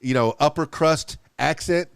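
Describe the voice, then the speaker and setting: Male interviewer, smooth clear voice, dry close sound, rambling chatty questions. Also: fairly high pitch, a little slow, no room sound. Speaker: podcast host. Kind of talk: casual interview talk.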